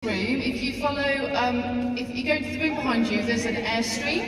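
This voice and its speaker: A woman's voice: a little high, moderate pace, slight background noise. A woman chairing a conference, speaking in a firm, formal, procedural manner. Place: large conference hall. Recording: echoey hall, far mic, loud crowd.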